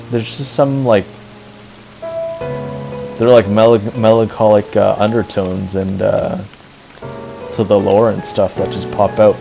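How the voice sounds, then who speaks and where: A man with a low, gravelly voice talks casually and earnestly on a stream, piling up fillers as he rambles. He gets openly sentimental. Soft game music plays faintly behind him. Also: fairly even intonation, takes it slowly, long pauses, low-quality recording. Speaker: streamer touring a game housing build. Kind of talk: casual chat.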